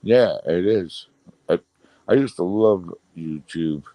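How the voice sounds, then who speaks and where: A man with an extremely low, deep voice talks casually to his live chat, rambling with lots of fillers and an annoyed edge. The sound is dry and close, with no room around it. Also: slow, mellow, no room sound. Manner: rambling, frustrated, many fillers. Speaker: livestream host. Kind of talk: casual live chat reading viewer comments.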